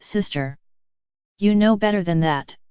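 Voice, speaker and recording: A woman voicing a stern older Mother Superior, lower and quieter than her usual reading. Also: a little slow, clear, resonant tone, dry recording, highs cut off, close to an everyday voice.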